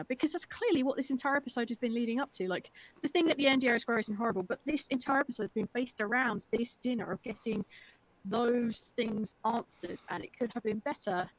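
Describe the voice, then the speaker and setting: A woman's voice: on the high side, moderate pace, fairly bright tone, rough recording. A woman co-hosting a casual podcast, rambling through a critique of an episode and filling her talk with "like". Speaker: podcast co-host.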